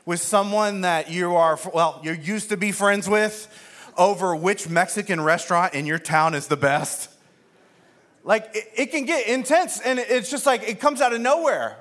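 A man with a high voice gives a sermon as pastor. He tells a comic story about himself and acts out the other people's lines along the way. His delivery is lively and self-deprecating. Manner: animated, self-mocking, acts out quoted voices.

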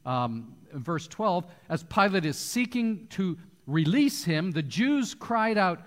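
Animated high-voiced preacher in a reverberant hall. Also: male voice, slow pace. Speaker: pastor. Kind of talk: sermon. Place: church hall.

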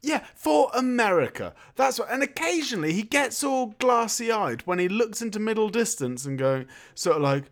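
Lively ranting man. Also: high-pitched, normal speed, few pauses. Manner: sweary, ranting, sarcastic. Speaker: podcast co-host. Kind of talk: casual film-review chat.

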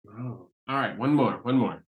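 Very low-voiced woman interviewer. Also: normal speed, narrow, tinny audio. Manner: warmly encouraging, asks questions gently. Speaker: interview host. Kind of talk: casual interview chat.

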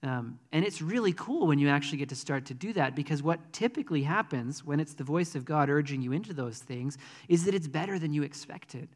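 A man's voice: fairly high pitch, expressive, brisk, few pauses, big-room sound. A man preaching a sermon in a conversational, earnest way, with frequent ums. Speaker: pastor.

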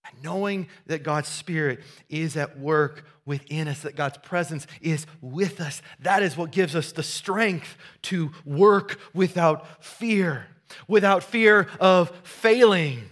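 Bright-voiced animated male preacher. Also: on the high side, a little slow, hardly any pauses. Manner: animated preaching, swings from loud emphasis to hushed tenderness. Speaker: pastor. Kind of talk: sermon.

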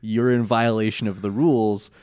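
A man's voice: lowish voice, steady tone, normal speed, a little mellow, clear, resonant tone, lightly acted. A man doing an insistent little boy official.

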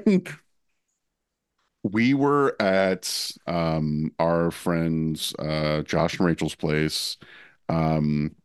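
A man's voice: extremely low pitch, drawn-out words, smooth, dry recording, studio quality. A man co-hosting a podcast, telling a prank story in casual chat and giggling through it as he searches for his words. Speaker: podcast co-host.

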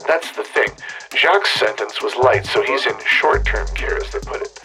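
A man voicing a sharp-tongued woman medic giving quick, matter-of-fact instructions over comms in an audiobook. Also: mid-range voice, over music, natural voice, low-quality recording. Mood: uneasy.

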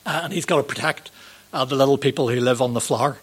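A man's voice: mid-range voice, fast, slightly rough. Conversational man preaching. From Northern Ireland. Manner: gentle, conversational, with frequent ums and rhetorical questions. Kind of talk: sermon.

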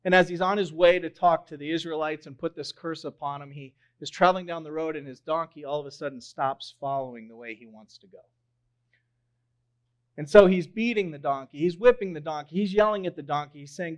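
A young man preaching a sermon, telling a story in an animated way and swelling loud on key phrases. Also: fairly high pitch, fairly quick. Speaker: pastor.

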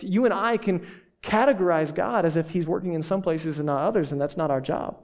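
A man preaching a sermon to a congregation as pastor, speaking in an animated, conversational way with emphatic repetitions. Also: sits high, fast. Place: church hall.

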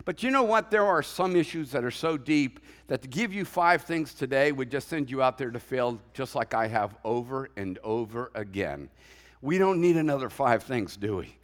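A man's voice: medium pitch, animated, normal speed. A man preaching a sermon as pastor, conversational and joking, acting out quotes as he goes. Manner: conversational preaching with humorous asides and acted quotes. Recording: long hall reverb.

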